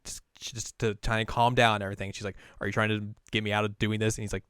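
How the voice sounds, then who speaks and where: A man's voice: fairly low pitch, flat delivery, fast talker, a bit bright, smooth, dry recording, studio quality. A male podcast co-host casually recapping a game's plot, scattered with "like" and restarts. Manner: rambling recap full of "like" fillers. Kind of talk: casual chat recapping a video game story.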